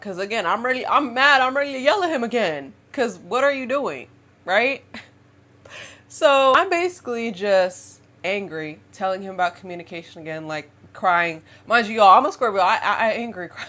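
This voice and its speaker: A woman in her twenties telling a dating story as a casual storytime vlog, chatty and animated, often laughing and calling her viewers y'all and girl. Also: medium pitch, moderate pace. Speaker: vlogger.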